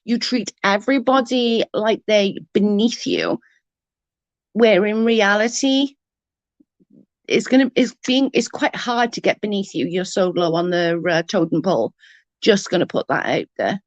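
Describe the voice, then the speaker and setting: A woman's voice: mid-range voice, lively intonation, unhurried, no room sound, lo-fi sound. A woman, ranting bluntly and mockingly as an online commentator, full of profanity. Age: 30s. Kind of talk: ranting live-stream chat.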